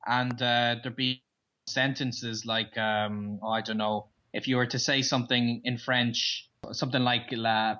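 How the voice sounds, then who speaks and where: Irish male interview guest, bright tense tone, enthusiastic storyteller, dull lo-fi recording. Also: mid-range voice, little pitch movement, measured pace. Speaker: podcast guest. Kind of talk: casual interview chat. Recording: dull lo-fi sound.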